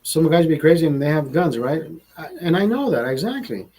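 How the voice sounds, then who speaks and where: A young man hosting a livestream, telling a rambling, profane story in a casual, animated way. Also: a little high, fairly quick, husky. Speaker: livestream host.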